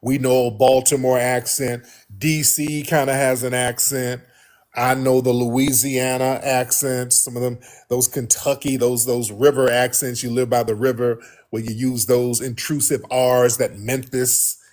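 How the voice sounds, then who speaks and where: A man's voice: mid-range voice, flat delivery, a little slow, a little mellow. Guy hosting his show, blunt and fired up, keeps repeating himself. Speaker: host. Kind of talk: casual monologue to listeners.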